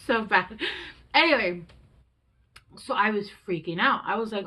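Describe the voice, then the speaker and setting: A woman's voice: mid-range voice, brisk, sharp tone, low-quality recording. A woman in her thirties giving a casual tarot reading, talking candidly and reassuringly, swearing freely as she coaches her listeners. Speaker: tarot reader.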